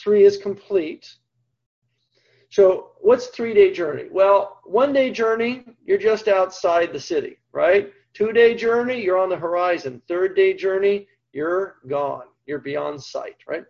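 A man with a fairly high voice lectures on scripture, leaning hard on repeated words and then falling quiet to make a point. His delivery is emphatic and teacherly. The recording sounds dull and lo-fi. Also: unhurried, vocal fry, few pauses. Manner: emphatic, swings between loud and hushed; reads scripture aloud with stress on key words. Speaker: Bible teacher.

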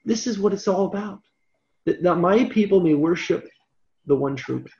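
A man teaching through a Bible passage verse by verse, animated and conversational, with asides and self-corrections. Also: high voice, moderate pace. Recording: roomy echo, dull lo-fi sound.

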